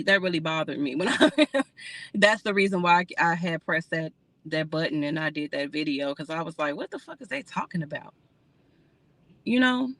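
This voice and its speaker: A woman talking straight to her livestream viewers in a bright, pointed voice. She is candid and rambling, swears freely and laughs often. The sound is close and dry. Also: mid-range voice, dry recording. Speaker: livestream host. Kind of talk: casual livestream chat with viewers.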